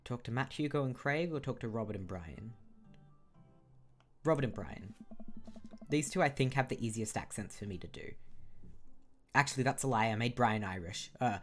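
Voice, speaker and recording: A man's voice: mid-range voice, animated, normal speed, long pauses, fairly bright tone, soft background music. Casual self-mocking game streamer man. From Australia. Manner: casual, self-mocking asides about his accents. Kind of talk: game playthrough commentary.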